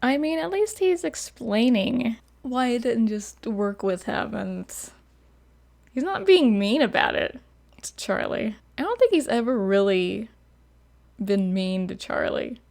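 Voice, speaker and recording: A woman's voice: on the high side, big pitch swings, a little slow, gravelly, a little mellow. A woman hosting a reaction video, chatting casually and laughing often. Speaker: host. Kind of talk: reaction commentary.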